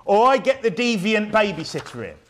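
Fiery high-voiced preacher. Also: male voice, very animated, brisk, fairly bright tone. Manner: emphatic, fiery, full of rhetorical questions. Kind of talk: sermon.

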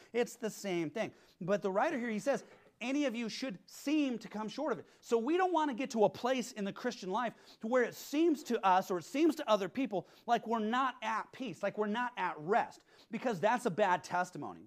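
A man preaching a sermon as pastor, emphatic and full of rhetorical questions. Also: high-pitched.

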